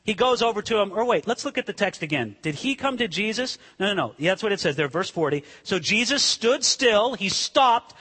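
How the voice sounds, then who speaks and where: A man preaching a sermon, swinging between hushed, slow asides and sudden dramatic shouts. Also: high voice, lively intonation, breathy edge, big-room sound. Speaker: pastor.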